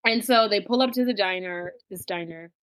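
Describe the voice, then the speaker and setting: With a mid-range voice at a moderate pace and no room sound, this podcast co-host walks through a movie's plot in relaxed conversation. She's animated, performing the characters' quotes as she goes.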